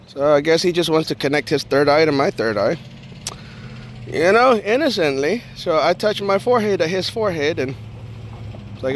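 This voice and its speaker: A man with a high voice tells a story straight to camera, and his pitch jumps all over the place. He jokes his way through it and acts out each person in his tale. The delivery is loose and casual, like a vlogger talking to his viewers. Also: fairly quick, a little hiss or hum. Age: adult with a young daughter. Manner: animated and joking, acts out the people in his story.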